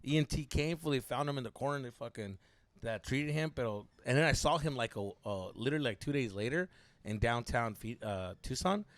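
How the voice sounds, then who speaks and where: A young man hosting a podcast, telling stories in a profane, animated way, acting out voices and mixing in Spanish slang. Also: mid-range voice, brisk, dry recording. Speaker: podcast co-host. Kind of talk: casual storytelling chat.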